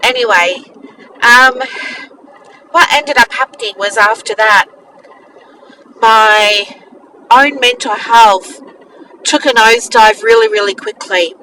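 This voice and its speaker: Heartfelt woman, bright voice. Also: fairly high pitch, slow, pauses often, far from the mic, slight background noise, rough recording. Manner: heartfelt, candid, hesitant with fillers. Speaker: business mentor. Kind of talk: personal storytelling to camera.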